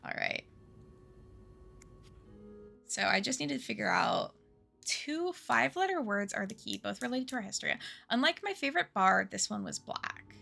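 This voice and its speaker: A woman's voice: on the high side, very animated, moderate pace, gravelly, pauses often, pushed and bright, soft background music. A young woman streaming a game, chatting casually and thinking aloud as she mutters puzzle clues to herself. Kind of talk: casual let's-play commentary.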